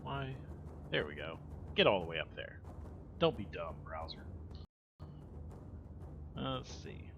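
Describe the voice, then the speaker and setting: A man's voice: low-pitched, sing-song, a little slow, gravelly, long pauses. Rambling, profane male streamer. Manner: rambling, profane, trailing off mid-sentence. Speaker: livestreamer. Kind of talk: casual livestream chat. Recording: dull lo-fi stream audio with faint music.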